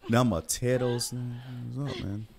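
A man's voice: medium pitch, steady tone, measured pace, darkish tone, a little hiss or hum. A man giving casual gameplay commentary, sarcastic and swearing freely.

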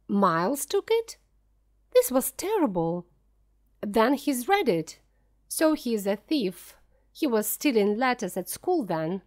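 A woman reading a simplified story aloud as a first-person narrator, clear and deliberate. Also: fairly high pitch, sing-song. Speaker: audiobook reader.

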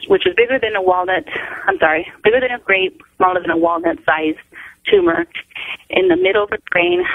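A woman's voice: medium pitch, gravelly, dry recording. A middle-aged woman on the phone as an interview guest, telling a family story in a rambling way, restarting her sentences. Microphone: telephone. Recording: tinny phone line.

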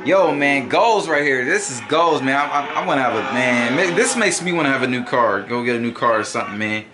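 A man's voice: medium pitch, animated, brisk, music in the background. A young man reacting to a video in a laid-back way, full of slang and fillers. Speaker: reaction host. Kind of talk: casual reaction commentary. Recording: clear background noise.

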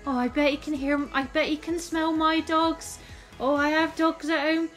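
A woman imitating a gushing stranger who coos at a dog in high, sing-song baby talk. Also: flat delivery, moderate pace, soft background music, natural voice. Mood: cooing.

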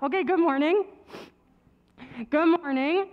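Woman leading a children's talk in church, high and strained, losing her voice, dull recording with long reverb. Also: animated, normal speed. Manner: chatty, laughing at herself. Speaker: children's message leader.

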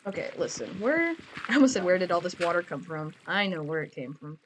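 A woman's voice: lowish voice, sing-song, brisk, slight background noise. A woman giving casual, playful commentary while playing a game, joking and giggling to herself. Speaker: Minecraft player.

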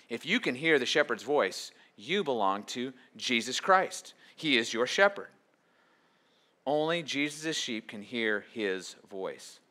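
A middle-aged man, a pastor, preaching a sermon in a conversational way, slipping into quick acted asides. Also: fairly high pitch, bright, forceful tone.

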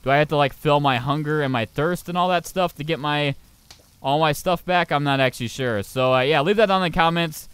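A young man casually commenting on his own gameplay, swearing and getting loudly panicked when things go wrong. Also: fairly high pitch, a little fast, clear, resonant tone, no room sound. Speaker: gaming channel host. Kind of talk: casual let's play commentary.

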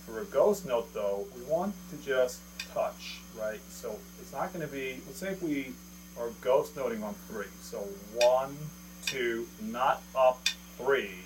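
A man gives a casual drum lesson at an electronic kit, recorded on a camera mic. He counts beats aloud and keeps asking "okay?" to check in. A clear electrical hum and some instrument sounds sit behind his voice. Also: mid-range voice, a little slow, rough recording. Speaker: drum teacher.

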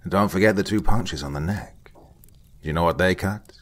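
A man playing an older, blunt forensic investigator who lectures in short, curt sentences with a husky voice. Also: low voice, normal speed. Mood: curt, lecturing. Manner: blunt, curt, lecturing, some lines whispered. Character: gruff veteran male forensic investigator, blunt.

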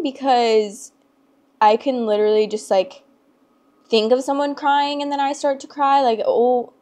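A young adult woman hosting her storytime channel, talking in a chatty, rambling, emotional way with lots of "like" fillers. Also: on the high side. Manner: chatty and rambling, heavy use of "like"; emotional and expressive. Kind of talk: casual chat to camera.

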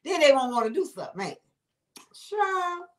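A high-voiced woman chats on a livestream and answers her viewers. She laughs easily, keeps throwing in exclamations, and talks in an animated, conversational way. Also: moderate pace. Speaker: livestream host reading comments. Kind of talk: casual livestream chat.

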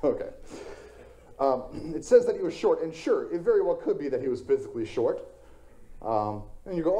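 A man's voice: on the high side, very animated, fairly quick, dark tone. A male pastor preaching a sermon in a conversational storytelling way, slipping in self-deprecating jokes.

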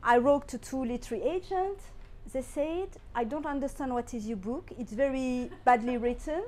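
A middle-aged woman whose first language is French speaks English with a clear French accent. Her voice sits high, and she tells her stories to an audience in a lively way, acting out what people said. She laughs often as she goes. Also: moderate pace. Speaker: guest speaker. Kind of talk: anecdotal talk to an audience.

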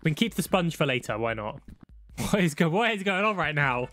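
A young man giving excitable, laddish commentary on a road trip game with friends. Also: fairly high pitch, a little fast, faint music behind. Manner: excitable, shouts when startled, laddish banter. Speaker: gaming YouTuber. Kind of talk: casual gameplay commentary.

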